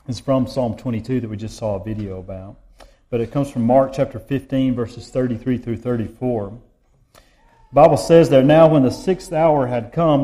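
A man preaching a sermon in a church service, slow and measured with emphatic pauses. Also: mid-range voice, warm tone. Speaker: pastor. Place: church sanctuary.

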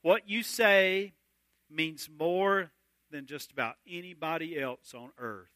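A man's voice: fairly high pitch, takes it slowly, fairly bright tone, no room sound. A man preaching a sermon to fathers, reciting a country song's lyrics in his talk. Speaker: pastor.

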